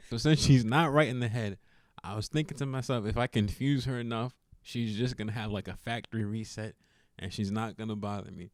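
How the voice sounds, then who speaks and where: In a casual vlog, a young man tells a funny personal story at a brisk clip, his voice medium in pitch. He's animated, laughing often and acting out what people said, and the studio-quality recording has no room sound.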